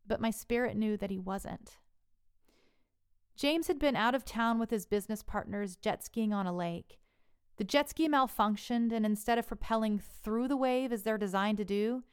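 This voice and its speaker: A woman earnestly narrating a personal story in a measured way. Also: on the high side, clean tone.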